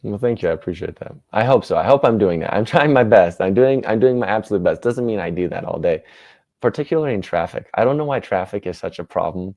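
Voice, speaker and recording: A man in his thirties, a guest in an interview, telling stories in an animated, self-deprecating way. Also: lowish voice, quick pace, dry recording. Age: 30s. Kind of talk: casual interview storytelling.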